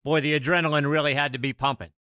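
A male podcast host puts his prepared questions with enthusiasm. His voice is bright and a little high, and the sound is close and dry. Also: steady tone, quick pace, dry recording. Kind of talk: interview questions.

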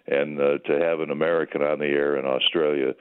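His voice is extremely low, level, clear and resonant, and he talks briskly: an older man, once a sports broadcaster, phoning in to reminisce. The answers are folksy and chatty, with lots of fillers and restarts, and the phone line sounds tinny.

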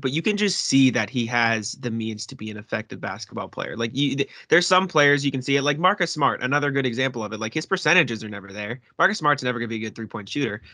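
A man co-hosting a basketball podcast, eagerly asking questions and stumbling over quick restarts. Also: mid-range voice, bright, forceful tone, dry recording. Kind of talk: casual sports discussion.

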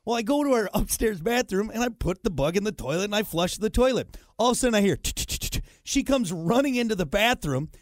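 High-voiced radio host telling a story. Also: male voice, animated, fast, few pauses, dry recording, clean studio sound. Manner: self-deprecating storyteller, lots of fillers. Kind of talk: casual morning show banter. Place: radio studio. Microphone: studio microphone.

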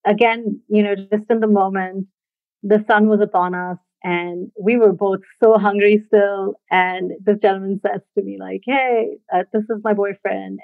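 A woman's voice: mid-range voice, no echo. Woman telling a story over a tinny line. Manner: reflective, halting, laughs softly between thoughts. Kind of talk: casual personal storytelling. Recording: dry, tinny phone-like sound.

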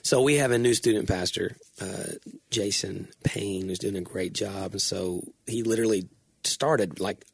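A man co-hosting a casual chat podcast, easygoing and quick to laugh. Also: deep voice, gravelly, breathy edge, no echo. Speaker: podcast co-host.

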